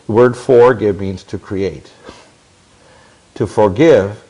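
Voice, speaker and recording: A man's voice: lowish voice, takes it slowly, warm tone, breathy edge, lo-fi sound. A man in his sixties telling long stories in an interview, intense and rambling, with many restarts and quoted dialogue. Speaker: interview guest. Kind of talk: long-winded interview storytelling.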